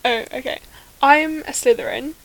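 High, gravelly-voiced woman hosting a podcast. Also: normal speed, a bit bright, poor audio. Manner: chatty, laughs often. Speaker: podcast host. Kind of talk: casual chat.

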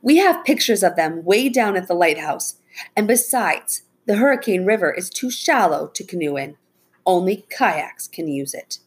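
A woman's voice: lowish voice, big pitch swings, normal speed, slightly rough, pitched above the performer's own voice. A woman voicing a bold young girl who speaks up insistently in a read-aloud story.

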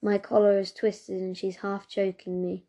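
Female audiobook reader, mellow and warm, steady and even. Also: medium pitch, moderate pace. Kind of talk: reading a novel aloud.

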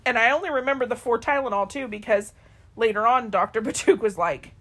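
A woman's voice: a little high, a little fast. A woman co-hosting a podcast, casually telling her grown daughter a family story and acting out the people in it. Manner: lively storyteller who acts out quoted people. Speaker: podcast co-host.

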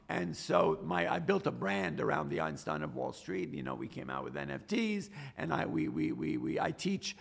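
A middle-aged man, telling stories in an interview, animated and often restarting his words. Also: a little high, vocal fry. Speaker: podcast guest, stock trader. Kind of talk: casual interview storytelling.

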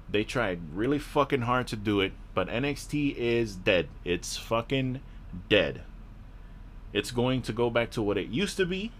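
A man's voice: mid-range voice, a bit bright, slight background noise. A man hosting a podcast, ranting in a frustrated, profane, rambling way with a sore throat. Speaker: podcast host.

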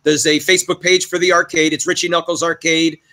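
Middle-aged male guest, high bright voice, blunt and profane, emotional delivery. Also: little pitch movement, brisk, a little hiss or hum. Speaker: guest, arcade owner. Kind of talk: emotional storytelling in a podcast interview.

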